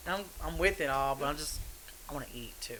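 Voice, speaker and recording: A woman and mother chatting casually on a podcast, rambling and quick to laugh. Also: sits low, lively intonation, a bit bright, slight background noise, rough recording. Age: adult. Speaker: podcast co-host. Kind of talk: casual chat.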